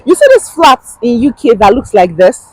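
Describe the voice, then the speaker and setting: A woman's voice: a little high, big pitch swings, normal speed, a little mellow, breathy edge, dry recording, rough recording. A woman with a Nigerian accent giving casual advice in a chatty vlog, laughing often and repeating points for emphasis. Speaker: vlogger.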